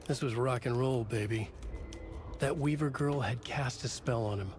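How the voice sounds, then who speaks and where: A man voicing a terse male narrator in a video game, speaking in clipped, short sentences over steady ambient noise. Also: mid-range voice, normal speed, close to an everyday voice. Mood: brooding.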